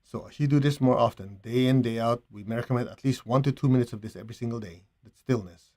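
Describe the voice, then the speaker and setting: A man leading a guided meditation and spiritual teaching, speaking calmly and gently in a relaxed, conversational way. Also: mid-range voice. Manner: calm, gentle, unhurried.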